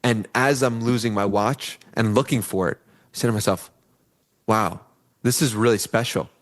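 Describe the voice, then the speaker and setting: Man, young adult, low pitch, earnest podcast guest, storytelling. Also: moderate pace. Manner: earnest, acts out quoted voices in his stories. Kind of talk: conversational interview storytelling.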